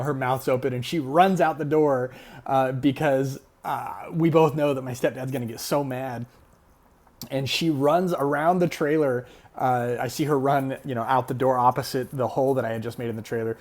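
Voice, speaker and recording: Animated man telling a story. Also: medium pitch. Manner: animated, many filler words. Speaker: vlogger. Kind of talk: casual storytelling vlog.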